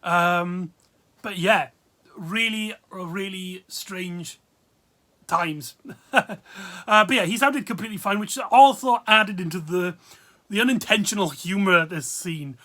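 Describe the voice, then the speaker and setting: Reviewer rambling on, lots of ums and likes, bright sharp voice. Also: medium pitch, unhurried. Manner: rambling, full of fillers and laughs. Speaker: video reviewer. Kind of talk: casual spoken review.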